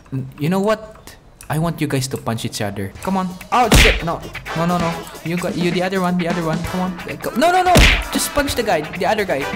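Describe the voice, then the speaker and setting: A young man doing casual gameplay commentary, excitable, with loud outbursts and frequent laughs. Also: high voice. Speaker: gaming YouTuber. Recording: voice with loud game music behind.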